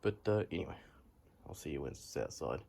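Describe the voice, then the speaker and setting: With a very deep, dark voice, a young vlogger talks fairly quickly and animatedly while filming on his phone in a garage. It's a casual chat full of rambling and frequent swearing.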